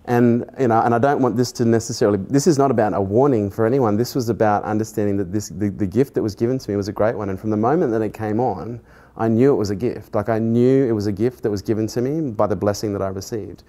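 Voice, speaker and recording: A man's voice: on the low side, fast. Earnest man telling a story. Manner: earnest, animated when retelling dialogue, laughs at himself. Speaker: podcast host. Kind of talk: personal storytelling in a conversation.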